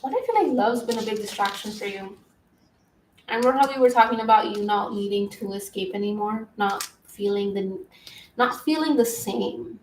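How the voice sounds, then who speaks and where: A woman's voice: medium pitch, moderate pace, far from the mic, slight background noise. Echoey woman giving a tarot reading. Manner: flowing spiritual talk, stops to scold her pets. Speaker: tarot reader. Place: home room.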